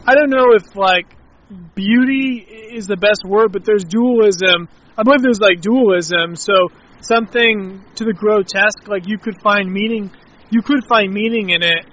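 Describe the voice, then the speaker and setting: A man's voice: high-pitched, measured pace, fairly bright tone, highs cut off. A man talking casually outdoors, rambling and reflective, with many filler words. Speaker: interviewee.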